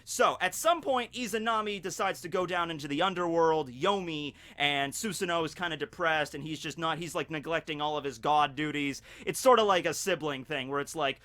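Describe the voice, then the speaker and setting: Bright, chatty man telling a story. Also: fairly high pitch. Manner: chatty and animated, slips into quick character voices. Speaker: YouTube anime theory host. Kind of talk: casual storytelling commentary.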